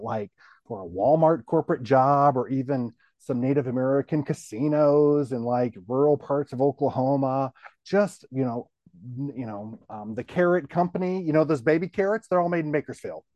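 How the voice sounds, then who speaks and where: A middle-aged man, a guest on the show, telling his career story in a relaxed, rambling way full of "you know" fillers. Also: mid-range voice, normal speed, dry recording, lo-fi sound. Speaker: guest, TV station general manager.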